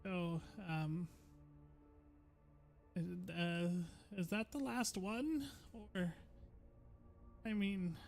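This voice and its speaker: A man's voice: high voice, very slow, long pauses, faint music behind, full character voice. A man voicing a nervous, fawning forger who stammers and tries hard to please. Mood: anxious.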